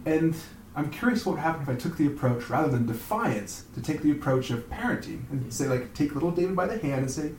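A man co-hosting a casual podcast chat, reflective and halting as he thinks aloud. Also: on the high side, lively intonation, a little mellow, roomy sound, distant mic, slight background noise, poor audio. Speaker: podcast co-host.

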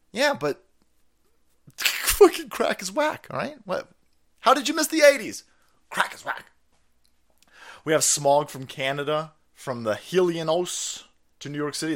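Profane sarcastic man ranting, lively pitch. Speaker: livestream host. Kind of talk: ranting commentary stream.

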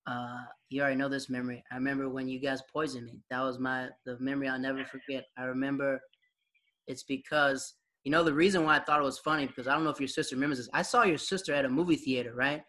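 A young man casually reminiscing with an old friend, animated, acting out quoted voices and laughing often. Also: mid-range voice, fast. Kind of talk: casual storytelling chat.

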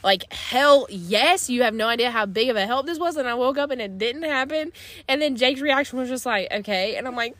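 A woman's voice: fairly high pitch, expressive, a little fast, background noise. A young woman in casual chat, animatedly telling a story, acting out quotes and laughing often.

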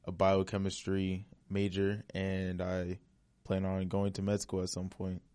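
A man's voice: low voice, completely flat delivery, a little slow, dark tone, smooth. A young man, a college freshman, co-hosting a casual podcast with cocky, boastful banter. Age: young adult. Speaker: podcast co-host. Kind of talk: casual chat.

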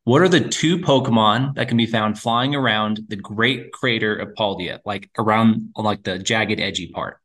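A man co-hosting a casual podcast, reading out quiz questions in a playful, slangy, excitable way. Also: fairly low pitch, normal speed, few pauses. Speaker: podcast co-host. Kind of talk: casual chat, quiz host.

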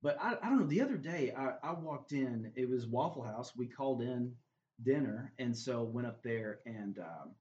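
A man's voice: medium pitch, animated, normal speed, a little mellow. A man telling a faith story as a guest, earnest and full of "man" fillers. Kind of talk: faith testimony in conversation. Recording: roomy, slightly dull recording.

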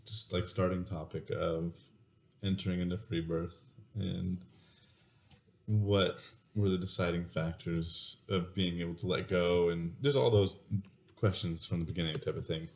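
Young male co-host, very deep voice, loose rambling delivery, relaxed chat. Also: unhurried, slight background noise. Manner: rambling and hesitant, loose thoughts full of likes. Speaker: podcast co-host. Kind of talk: casual chat.

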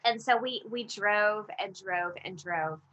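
A woman co-hosting a casual chat, telling a lively story and acting out what people said. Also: mid-range voice, slow. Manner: animated storyteller, acts out quotes. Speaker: podcast co-host. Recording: slightly dull audio with faint background noise.

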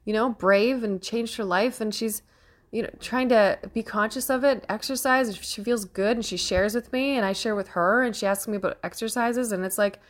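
A young woman hosting a casual opinion monologue, her voice sitting at an ordinary middle pitch. She speaks with earnest emphasis, swears freely and laughs often, sounding close to tears with emotion. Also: moderate pace. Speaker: host.

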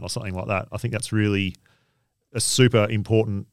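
A man's voice: lowish voice, fairly even intonation, fast talker, creaky, clear, resonant tone, dry recording, studio quality. A man, chatting casually on a podcast in a supportive, affirming way. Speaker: podcast co-host. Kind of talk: casual chat.

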